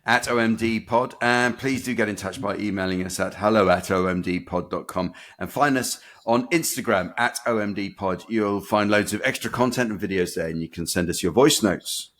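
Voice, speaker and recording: A man's voice: fairly low pitch, moderate pace, few pauses, fairly bright tone. A man co-hosting a podcast, chatting in a friendly way and asking follow-up questions. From United Kingdom. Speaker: podcast co-host. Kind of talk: casual podcast chat.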